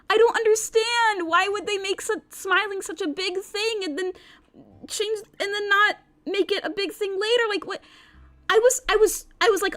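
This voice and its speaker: A woman's voice: extremely high pitch, expressive, moderate pace, a bit bright. A young woman streaming a visual novel, commenting in an exasperated, incredulous way with lots of repeated words and rambling, and reading the game text aloud.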